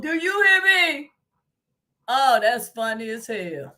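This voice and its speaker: Woman on a livestream, high bright voice, talks slow and loud, laughing and cussing. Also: very animated. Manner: loud, laughing, swearing, exclaiming. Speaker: livestream host. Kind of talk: casual live chat.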